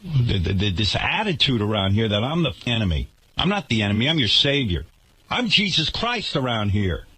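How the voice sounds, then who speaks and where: Radio host, male, sarcastic indignant rant, husky and bright tone, lively pitch. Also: normal speed. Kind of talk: radio talk show rant.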